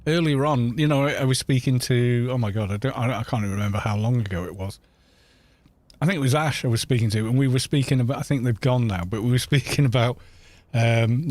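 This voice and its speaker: A man's voice: medium pitch, brisk, a little mellow, soft background music. A middle-aged man with a London accent, chatting in a rambling way with viewers while he streams a game. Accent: London English. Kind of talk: casual chat while gaming.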